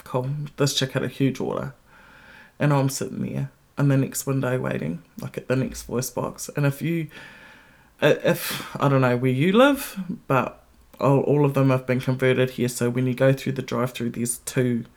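A woman hosting a podcast who tells a story in a casual monologue, blunt, candid and full of swearing, and grows more animated as she goes. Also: moderate pace, gravelly. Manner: blunt, heavily profane, candid; animated retelling with rising pitch. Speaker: podcast host.

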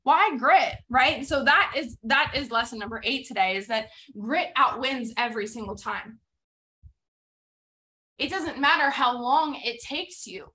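A woman hosting a motivational podcast, retelling a story in an animated, emphatic way with quoted dialogue and repeated phrases for effect. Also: high-pitched, unhurried. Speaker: podcast host.

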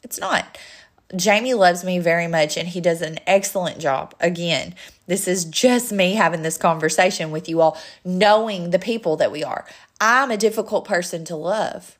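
A woman's voice: fairly low pitch, moderate pace. A young adult woman speaking earnestly to her listeners, often repeating a point for emphasis. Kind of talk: personal talk to listeners.

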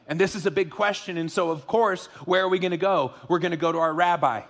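Joking, lively man preaching a sermon. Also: high-pitched, a little fast, gravelly. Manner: joking and animated, then earnest. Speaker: pastor. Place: church auditorium.

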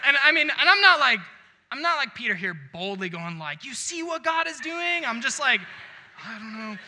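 A man's voice: high voice, sharp tone. A young man preaching a sermon as a pastor, telling a story and acting out both sides of the conversation. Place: church sanctuary. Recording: long reverb of a large hall.

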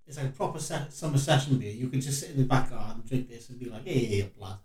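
A British man co-hosting a casual podcast, full of swearing and mock insults. His voice sits at an ordinary pitch. It comes across roomy and a bit far from the mic. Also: rapid-fire, a little mellow. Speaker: podcast co-host. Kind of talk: casual chat.

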